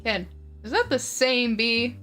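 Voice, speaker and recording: A woman's voice: on the high side, expressive, slow, a bit bright, soft background music. A woman reading as a smug jealous boyfriend. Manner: plain script reading.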